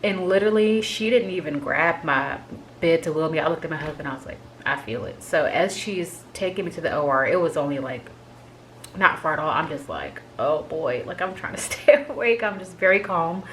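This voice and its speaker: A woman's voice: low-pitched, lively intonation, moderate pace, a little hiss or hum, poor audio. A woman vlogger candidly recounting a personal experience in a casual, chatty way, full of "like" fillers. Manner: chatty, filler-heavy with frequent "like". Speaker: vlogger sharing a health update.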